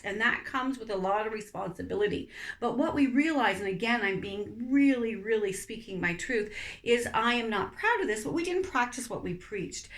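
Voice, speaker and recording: A woman's voice: fairly high pitch, fairly bright tone. A woman hosting her own podcast, talking candidly and emotionally from her couch at home, often repeating herself. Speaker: podcast host. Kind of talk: candid personal talk to camera.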